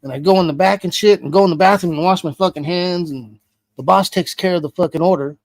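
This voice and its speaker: A man's voice: high-pitched, fast, creaky, no room sound. A man being interviewed, telling a story casually with heavy swearing. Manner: profane, animated retelling with heavy swearing. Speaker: interview guest.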